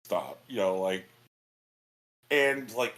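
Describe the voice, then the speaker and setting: A man's voice: mid-range voice, big pitch swings, unhurried, fairly bright tone. A man co-hosting a podcast in casual chat, telling stories in a rambling way with many restarts and "um"s. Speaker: podcast co-host.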